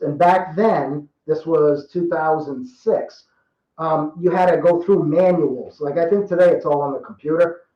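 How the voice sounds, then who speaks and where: A man in his fifties from Rhode Island tells stories in a loose, rambling way, often circling back and restarting his sentences. His voice sits a bit high for a man. The recording is roomy and somewhat dull. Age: 50s. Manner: rambling, chatty, repeats and restarts. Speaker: podcast guest. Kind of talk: casual storytelling.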